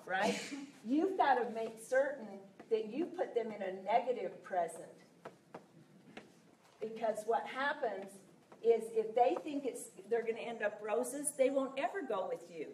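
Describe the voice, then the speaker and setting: Speaking on the high side with a slightly mellow tone, a woman sales coach gives a passionate live talk, emphatic and acting out client conversations. The setting is a large room with a live audience; the audio is echoey, distant, and carries a little hiss or hum.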